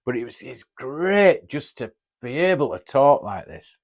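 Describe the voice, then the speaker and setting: With big swings in pitch around a medium range, an unhurried Northern English man in his fifties recounts a story on his podcast. As host, he keeps it chatty and blunt, swearing freely in his Northern accent.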